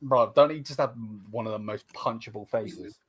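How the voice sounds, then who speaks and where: A young man in a casual podcast chat, teasing and swearing, quick to laugh. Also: lowish voice, breathy edge.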